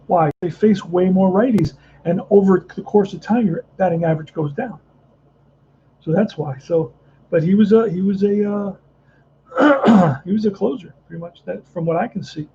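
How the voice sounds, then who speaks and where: A man's voice: sits high, moderate pace, mellow, dull audio, slight background noise. A man casually narrating a tabletop baseball replay, thinking aloud and rambling with frequent restarts. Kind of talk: casual play-by-play and chat.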